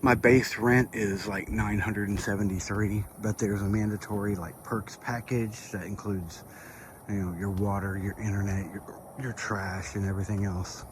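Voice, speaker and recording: A man's voice: on the low side, level tone, normal speed, noisy background. A middle-aged man with the hiccups, giving a rambling, hesitant update to his viewers while walking outdoors at night. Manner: rambling, hesitant, with many fillers. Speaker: vlogger. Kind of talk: casual walk-and-talk update.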